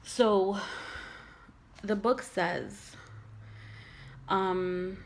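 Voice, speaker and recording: A woman speaking to camera about faith and the ego, earnest and heartfelt, with slow emphatic repetitions and soft near-whispered phrases. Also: mid-range voice, vocal fry, a little hiss or hum, low-quality recording. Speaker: mother sharing spiritual reflections. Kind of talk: personal reflective monologue.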